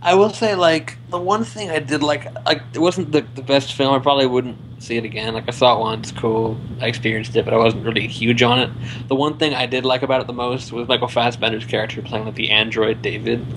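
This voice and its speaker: A young man co-hosts a casual film chat, talking in loose, rambling sentences full of "like". His voice sits at an ordinary middle pitch. A faint hiss of noise runs under the recording. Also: steady tone, brisk. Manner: rambling, heavy use of "like". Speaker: film show co-host.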